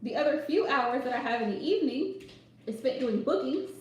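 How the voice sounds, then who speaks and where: Woman tarot reader, high voice, sarcastic livestream chatter, mic set back in a very echoey room. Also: expressive, a little fast. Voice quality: sarcastic, laughing often. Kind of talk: casual livestream chat.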